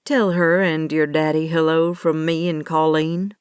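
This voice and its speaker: A woman narrator voices a friendly male pharmacist in a small-town audiobook. He is easy and kind, and speaks slowly. The recording is dry and close. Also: low voice, flat delivery, clean tone, no echo, voice pushed down.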